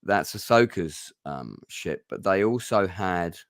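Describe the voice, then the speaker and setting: Brief: male streamer, fairly low voice, loose rambling chat, dry close sound. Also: lively intonation, takes it slowly, no echo. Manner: rambling, full of restarts and ums. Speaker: livestream host. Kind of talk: casual chat.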